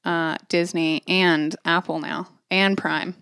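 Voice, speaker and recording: A woman's voice: lowish voice, fairly even intonation, slow pace, fairly bright tone, smooth, no echo, clean studio sound. A young woman chatting casually in a laid-back, drawling way, full of fillers. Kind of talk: casual chat.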